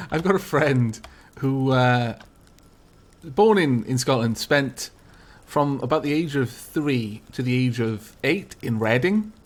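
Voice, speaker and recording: A man hosting a multiplayer gaming chat, telling anecdotes with lively animation and quick laughter. His voice sits at an average pitch for a man. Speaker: host and co-player.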